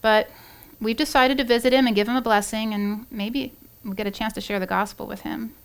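A woman voicing a grown daughter who answers her mother steadily and earnestly, in a quiet voice. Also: fairly high pitch, steady tone, brisk, clean tone, natural voice. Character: calm principled grown daughter.

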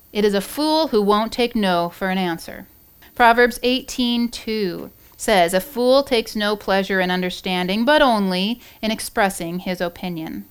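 A woman giving an earnest devotional Bible teaching, with many pauses, fillers and restarts. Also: fairly high pitch, clean tone. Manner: earnest, warm-hearted, with frequent fillers and restarts.

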